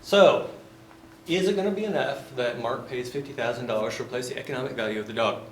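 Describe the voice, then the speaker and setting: A male business professor lectures quickly by way of a folksy, joking story. His mid-pitched voice flows in a relaxed, conversational manner over a faint, steady hiss.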